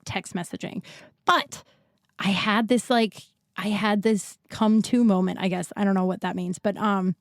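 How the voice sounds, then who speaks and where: A woman's voice: mid-range voice, dry recording, studio quality. A woman hosting her own podcast while sick and tired, talking in a rambling, candid way, often breaking off mid-sentence and swearing casually. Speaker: podcast host. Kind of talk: casual solo podcast chat.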